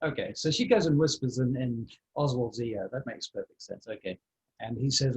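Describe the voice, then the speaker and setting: A man's voice: medium pitch, lively intonation, moderate pace, rough recording. A man running a tabletop game as dungeon master, narrating and thinking aloud with many fillers.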